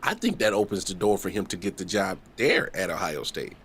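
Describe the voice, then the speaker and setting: A man co-hosting a sports podcast, talking in a casual, slangy, animated way. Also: low voice, a little fast, slightly rough. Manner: animated, slangy, laughs and acts out voices. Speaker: podcast co-host.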